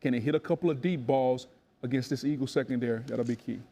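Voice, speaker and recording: A man analysing football in a studio, emphatic and punchy, punctuating his points with 'boom'. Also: quick pace, mellow. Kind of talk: sports analysis talk.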